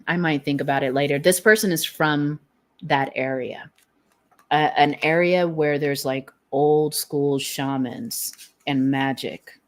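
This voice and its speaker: Low-voiced woman rambling through a tarot reading. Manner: rambling, laughs often, trails off searching for words. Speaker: tarot reader. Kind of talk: casual collective tarot reading. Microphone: streaming setup.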